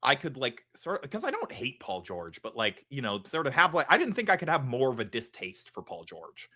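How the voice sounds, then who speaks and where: A man's voice: mid-range voice, huge pitch swings, a little fast, bright, forceful tone. A man co-hosting a casual sports podcast, rambling and teasing, with lots of "like" and restarts. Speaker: podcast co-host.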